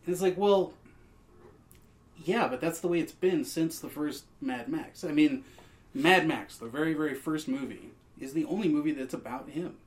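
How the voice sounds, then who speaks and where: Relaxed chatty man on a podcast. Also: on the high side, normal speed. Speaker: podcast co-host. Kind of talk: casual chat.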